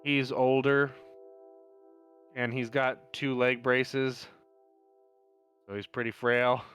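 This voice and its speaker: A male game master narrates a detective tabletop game in a relaxed, casual way, pausing to look things up. His voice sits at a middle pitch, and soft music plays faintly behind him.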